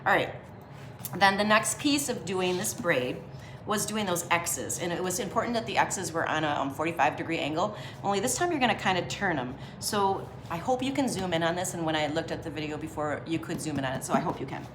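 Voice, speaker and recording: A young woman talks through a drawing lesson while she sketches, chatty and full of slang. Her voice sits a little low for a woman. There is a faint hiss of noise under the recording. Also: fairly quick, reverberant. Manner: slangy and chatty, laughs often. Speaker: drawing teacher.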